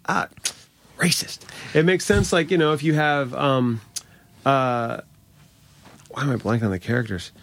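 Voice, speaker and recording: A man's voice: medium pitch, unhurried, gravelly, long pauses, a bit bright. A man hosting a podcast in casual chat, joking and wry with his guest. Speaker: podcast host.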